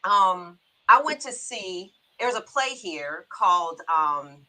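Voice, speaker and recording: A middle-aged woman hosting a talk show, telling a personal story in a chatty, quick-bursting way with laughs in her speech. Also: fairly low pitch, animated, sharp tone, low-quality recording. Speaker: show host. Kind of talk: casual heartfelt talk-show chat.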